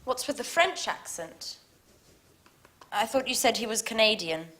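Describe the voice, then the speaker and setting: Teasing woman friend, lively pitch, unhurried, played by an actress. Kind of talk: scripted dialogue for learners.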